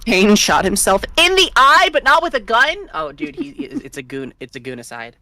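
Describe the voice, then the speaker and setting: A young woman streaming a game, chatting casually and swinging between loud outbursts and quiet mumbles. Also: on the high side, very animated, normal speed. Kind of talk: casual chat while gaming.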